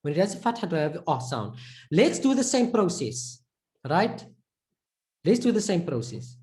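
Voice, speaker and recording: A woman's voice: on the low side, sing-song, normal speed, dark tone. A woman teaching a live pronunciation class, encouraging her students and repeating syllables over and over to demonstrate. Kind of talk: live online class instruction.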